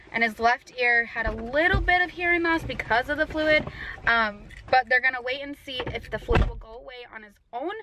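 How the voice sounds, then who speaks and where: A young pregnant woman with an Upper Midwest American accent chats casually for her family vlog while out and about in the car and a store. Her voice is high-pitched, there's background noise, and she uses lots of fillers and "likes."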